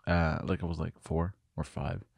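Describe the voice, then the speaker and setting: A man co-hosting a podcast, telling rambling, halting childhood stories in casual chat. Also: low voice, level tone, creaky, no echo. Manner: rambling, forgetful, halting storyteller. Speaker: podcast co-host.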